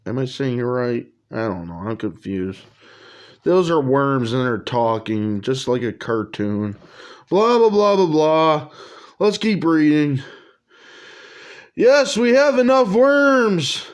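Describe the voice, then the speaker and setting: A man's voice: medium pitch, unhurried, smooth. A man reading his own comic aloud in a casual way, with rambling, crude asides. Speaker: comic reader.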